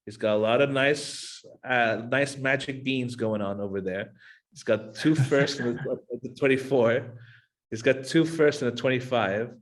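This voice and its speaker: A man's voice: medium pitch, measured pace. A man hosting a casual fantasy football podcast, asking his cohosts questions in a playful, joking way. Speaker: podcast host.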